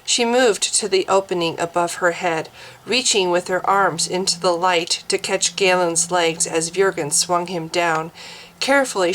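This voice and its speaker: A woman reading her own fantasy novel aloud as narrator, slowly and deliberately. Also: fairly low pitch, fairly bright tone, poor audio.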